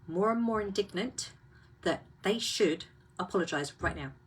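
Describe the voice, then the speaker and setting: A woman's voice: medium pitch, lively intonation, normal speed, breathy edge. Woman musing through rhetorical questions. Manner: reflective, asks many rhetorical questions. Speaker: host of a live talk. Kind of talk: casual live talk.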